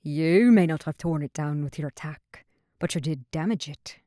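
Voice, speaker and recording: A woman's voice: low voice, moderate pace, warm tone, no room sound, clean studio sound, lightly acted. A woman voicing a scheming middle-aged pirate captain who talks coolly, with a twisted humor, in an audiobook. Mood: sly.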